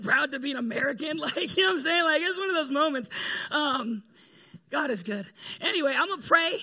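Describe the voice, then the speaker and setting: A man's voice: very high-pitched, gravelly, pushed and bright. A man preaching a casual sermon to a room of people, laid-back and joking, with slang and fillers. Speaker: pastor. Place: room with a gathered group.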